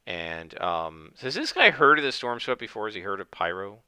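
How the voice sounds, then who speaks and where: A man's voice: on the low side, big pitch swings, fairly quick, few pauses, bright, forceful tone, clear, resonant tone, no room sound. A man narrating his solo tabletop game, thinking aloud with many fillers.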